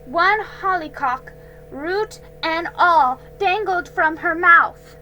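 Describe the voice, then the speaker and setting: A woman reading a children's storybook aloud, slow and careful, with small slips she corrects. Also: extremely high pitch, bright, forceful tone, faint music behind, poor audio.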